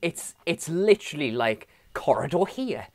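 A man's voice: fairly high pitch, measured pace, dry recording. A young man co-hosting a podcast, ranting and laughing in casual chat. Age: young adult. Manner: animated, ranting, laughs often, mimics voices. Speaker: podcast co-host. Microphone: podcast mic.

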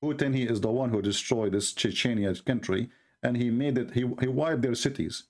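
A man's voice: mid-range voice, normal speed. A man hosting a live-stream religious debate show, mocking and combative, chuckling at his own jokes and speaking English with non-native grammar.

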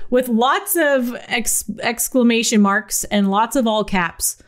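A woman co-hosting a podcast in casual chat, telling stories in an animated way with laughs. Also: on the high side, slow pace, hardly any pauses. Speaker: podcast co-host.

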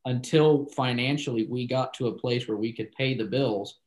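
A man's voice: medium pitch, moderate pace, darkish tone, poor audio. A man, a pastor, telling a story in a casual interview, rambling with many asides and acting out the dialogue he quotes.

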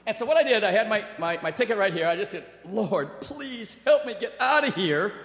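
Animated preacher in an echoing hall. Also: male voice, sits high, a little fast. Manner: animated, storytelling with acted quotes and laughter. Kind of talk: sermon with personal story. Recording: roomy hall with long reverb.

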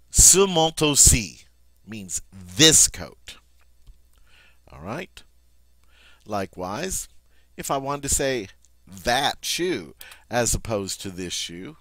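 A man's voice: fairly low pitch, no echo. A man teaching a French grammar lesson, emphatic and repeating "all right" often.

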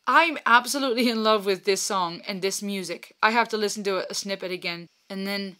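A woman's voice: medium pitch, fairly even intonation, fairly quick, a bit bright, clean tone. A young woman hosting a music reaction, talking casually and emotionally, often lost for words and restarting her sentences. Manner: emotional, effusive, stumbling over words.

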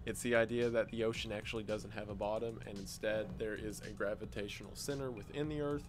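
A man's voice: fairly low pitch, steady tone, fast talker, faint music behind. A man narrating an explainer video in a scripted, explanatory way with dry, wry asides.

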